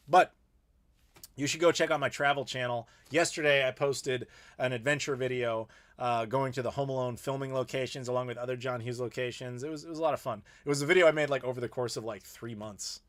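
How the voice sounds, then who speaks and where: A man's voice: medium pitch, a bit bright. A middle-aged American man hosting a casual live Q&A, ranting playfully and reading viewer messages. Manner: opinionated, playful ranting with laughs. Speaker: YouTube host.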